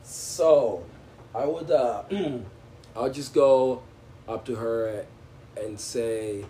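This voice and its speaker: Hesitant young man, mellow voice. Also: medium pitch, very slow. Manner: hesitant, repeats words. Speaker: guest. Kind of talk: casual chat. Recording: faint background noise.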